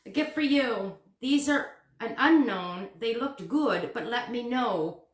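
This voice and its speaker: A woman in her fifties vlogging casually at home, excitable and repeating herself. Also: on the high side, slow pace. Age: 50s. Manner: excitable, repeats phrases, gasps and squeals. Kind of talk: casual unboxing chat. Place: home room, packing. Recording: echoey room, faint noise.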